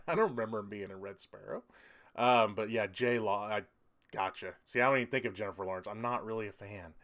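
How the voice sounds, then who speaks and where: A man's voice: on the low side, fairly quick, a bit bright. A man hosting a casual livestream, rambling loosely and chuckling as he reads out viewer comments. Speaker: livestream host.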